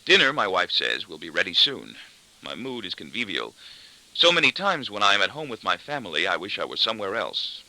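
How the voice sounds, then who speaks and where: A man's voice: on the low side, wildly swooping pitch, brisk, creaky, sharp tone, low-quality recording. A man reading an audiobook in the first person, with a dry, wry delivery. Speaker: audiobook narrator. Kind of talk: scripted narration.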